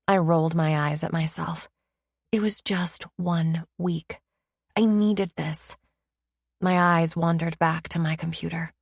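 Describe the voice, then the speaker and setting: A woman narrating a romance audiobook in first person, with a wry, expressive manner, close to the mic. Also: on the low side, slow, vocal fry, slightly rough, dry recording.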